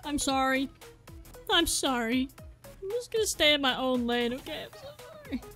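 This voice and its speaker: A woman giving excitable live commentary while playing a shooter game, often apologizing and joking about herself, with game music and gunfire behind her. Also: high voice, moderate pace. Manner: excitable, exclaiming and apologizing a lot; self-deprecating joking. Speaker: gaming video creator. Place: at home, seated at a gaming desk.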